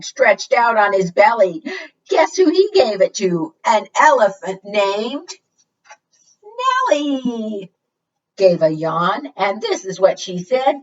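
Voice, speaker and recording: A woman reads picture books aloud to preschoolers, slow and sing-song with a pitch that leaps around. She coaxes the children to guess and roar along. The sound is dull and slightly distant. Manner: sing-song, animated, coaxing audience participation. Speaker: children's librarian, storytime host.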